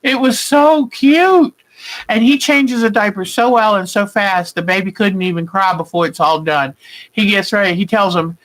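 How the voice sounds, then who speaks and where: Speaking at medium pitch and a normal speed, an older woman hosts a quilting video and chats casually with people watching live. She is friendly and talkative, calls viewers by name and rambles in side comments. The recording is rough.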